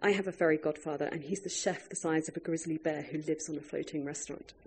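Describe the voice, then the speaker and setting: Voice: medium pitch, steady tone, fast talker, creaky, a little mellow, slight background noise. An author reading their own food writing aloud to a live audience, wry and breaking off now and then for chatty asides.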